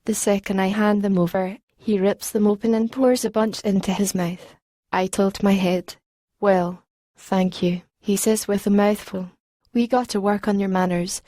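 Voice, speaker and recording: A woman's voice: mid-range voice, mellow, dry recording. A woman narrating a novel in first person as a streetwise teenage girl, slangy and rhythmic, on a close studio mic. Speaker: audiobook narrator.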